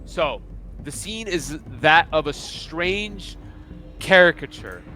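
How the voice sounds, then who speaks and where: Young male game master: bright tone, casual, filler-heavy narration. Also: a little high, expressive, slow pace. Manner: casual, loose, full of fillers.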